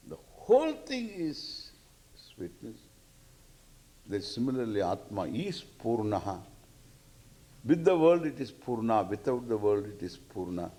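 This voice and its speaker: A man's voice: medium pitch, a little mellow. An older man, giving a scripture lecture with jokes and chanted verses. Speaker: spiritual teacher.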